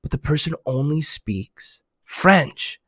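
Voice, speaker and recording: A man hosting a children's program over a video call, talking animatedly and swinging between hushed and excited tones. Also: on the high side, slow, slightly rough, no echo, clean studio sound.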